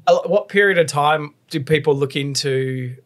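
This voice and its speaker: Male host, relaxed and sweary, slightly higher-pitched voice. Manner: casual, swears freely, quick follow-up questions. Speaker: podcast host. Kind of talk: casual podcast interview.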